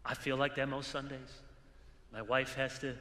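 A man delivers an exhorting sermon at a conference, earnest and slipping in dry humor. His voice is bright and sharp-edged. The sound rings with a long hall reverb. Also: medium pitch, flat delivery, normal speed. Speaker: preacher. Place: large hall with an audience.

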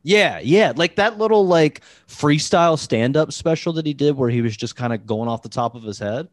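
Speaking at a moderate pace, this male podcast host has a fairly high, animated voice and clean studio sound with no room noise. His casual chat wanders, full of "like," fillers, restarts and profanity.

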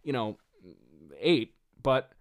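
A man comically retelling and mocking an old script he wrote, with laughing asides. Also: slow pace. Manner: mocking, laughing asides, lively pitch swings. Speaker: host.

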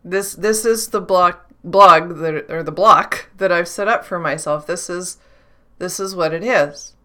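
Woman, intuitive channeler, solo reflective talk, bright clear tone, halting and self-questioning. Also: on the low side. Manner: thinks aloud, self-questioning, frequent restarts.

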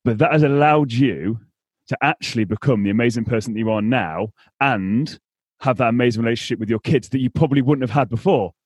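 A man's voice: mid-range voice, a little fast, a little mellow, slightly rough, dry recording. A man hosting a podcast interview, blunt and emphatic, swearing freely in casual talk. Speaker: podcast host.

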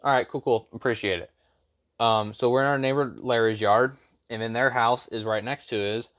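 A man's voice: medium pitch, fairly even intonation, normal speed, a bit bright, dull audio. Rambling young man telling a story. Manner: rambling, with frequent fillers and slang. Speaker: vlogger. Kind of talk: casual storytime rant.

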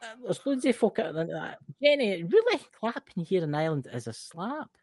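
A Scottish man co-hosting a podcast talks in a high-pitched voice, a little fast, with no room sound. His casual chat is animated, full of exclaiming and many restarts.

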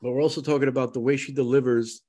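A man's voice: medium pitch, steady tone, very fast, warm tone. A man co-hosting a casual podcast chat, rambling and emphatic, with a slight lisp, talking to the listeners as folks. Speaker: podcast co-host.

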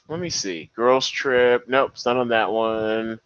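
A man hosting a podcast, giving casual, excitable commentary on his listeners' picks. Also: mid-range voice, measured pace, hardly any pauses, smooth, dry recording. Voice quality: excitable, animated. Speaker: podcast host. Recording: dull, slightly lo-fi, dry.

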